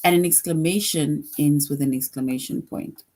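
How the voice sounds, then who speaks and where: A woman's voice: deep voice, normal speed, dark tone. A woman teaching a grade school grammar lesson, patient, repeating each point and often checking in with "right?".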